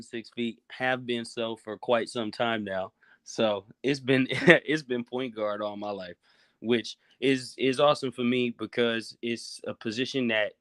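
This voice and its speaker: A man chats as a guest on a live stream, easygoing and measured, dropping casual affirmations. His mid-pitched voice sounds close and dry. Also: fairly bright tone, clean tone, dry recording. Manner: measured, easygoing, drops "word" and "you know what I mean".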